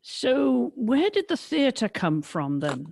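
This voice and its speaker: A woman hosting an interview podcast, asking slow, friendly questions. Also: fairly high pitch, very animated, vocal fry, darkish tone, slight background noise. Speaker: podcast host.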